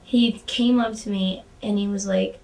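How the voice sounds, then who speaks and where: A woman's voice: mid-range voice, fairly even intonation, moderate pace, creaky, a little mellow, far from the mic. A woman guest in a casual interview, chatty and candid, often restarting her sentences and swearing freely. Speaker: former wrestling valet, interview guest.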